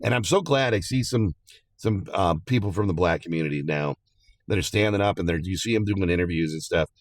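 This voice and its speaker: Male commentary host, very low voice, dry close sound, hesitant and rambling. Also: fairly quick, dry recording. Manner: rambling, hesitant, talks to viewers as guys. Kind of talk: casual political commentary.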